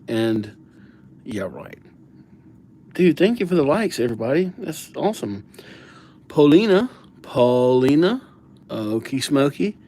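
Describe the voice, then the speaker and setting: Man, livestream host, casual chat, playful, slangy banter, medium pitch. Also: darkish tone. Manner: playful, riffs on names with silly nicknames; laid-back, slangy banter with viewers. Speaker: livestream host writing viewers' names.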